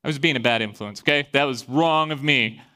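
A pastor from Iowa, a man giving a sermon and telling a personal story in a lively way, acting out the voices he quotes. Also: medium pitch, a little fast, clean tone. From Iowa, USA.

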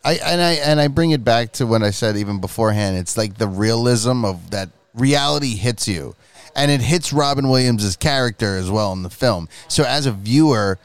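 Male podcast co-host, mid-pitched, very lively intonation, jokey and laughing; dry close sound. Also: moderate pace, clean tone, dry recording. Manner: animated, laughs often, jokey asides. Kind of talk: casual movie review chat.

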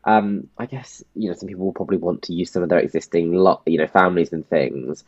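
A man's voice: deep voice, steady tone, quick pace, dry recording. A man co-hosting a casual podcast, rambling and hesitant with lots of ums, laughing often. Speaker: podcast co-host. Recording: dull, dry lo-fi sound.

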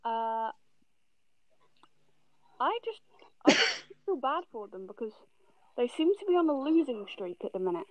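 A woman's voice: a little high, big pitch swings, measured pace, long pauses, no room sound. A woman giving hesitant, chatty opinions over an online call. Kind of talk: casual chat. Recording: dull lo-fi call audio.

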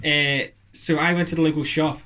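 A man's voice: a little high, level tone, moderate pace, heavy background noise. A man chatting on a podcast, rambling and joking with lots of fillers and restarts. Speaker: podcast co-host. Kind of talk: casual chat.

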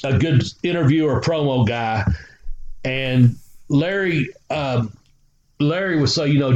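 A man's voice: mid-range voice, measured pace, a little mellow, a little hiss or hum. Rambling man telling old road stories. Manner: rambling, swears freely. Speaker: guest, former wrestler. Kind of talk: casual storytelling. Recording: roomy, slightly dull recording.

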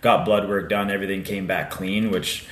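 A man's voice: sits low, fairly even intonation, moderate pace. Laid-back swearing man in a roomy room. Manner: laid-back, swears often, many fillers. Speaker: podcast co-host. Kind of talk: casual chat.

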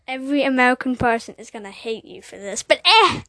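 High-voiced woman hosting casual chat. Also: lively intonation, brisk, sharp tone, no echo. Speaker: host.

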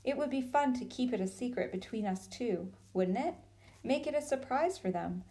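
A woman reading a storybook and voicing a cold, commanding witch queen who coaxes smoothly. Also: fairly high pitch, lively intonation, moderate pace, warm tone, lightly acted. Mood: coaxing. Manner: smooth and persuasive.

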